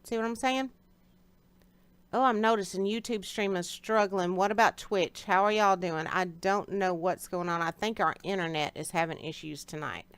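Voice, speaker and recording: A woman's voice: mid-range voice, steady tone, moderate pace, clear, resonant tone. A woman hosting a live stream in a casual, chatty way, greeting viewers by name and answering them directly. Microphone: streaming setup.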